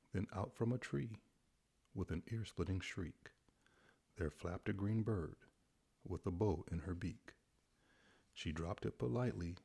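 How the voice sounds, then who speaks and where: A man reading a rhyming bedtime storybook aloud in a gentle, rhythmic way. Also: low-pitched, vocal fry, breathy edge.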